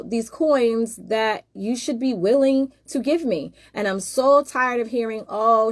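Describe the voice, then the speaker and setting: A woman's voice: fairly high pitch, no echo. A woman hosting a casual monologue, emphatic and rhetorical, addressing viewers directly. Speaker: host.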